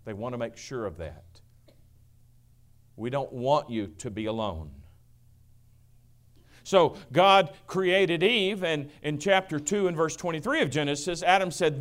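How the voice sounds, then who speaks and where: A middle-aged male pastor preaching a sermon, booming then dropping to a hush, acting out quoted voices. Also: a little slow, pauses often. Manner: swings from booming to hushed, acts out quotes.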